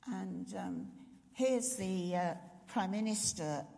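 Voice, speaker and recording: Female preacher with a gravelly edge, reflective sermon delivery in a reverberant church. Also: mid-range voice, slow pace, warm tone. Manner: reflective, asks the audience questions. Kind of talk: sermon to a congregation. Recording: long reverb of a large hall.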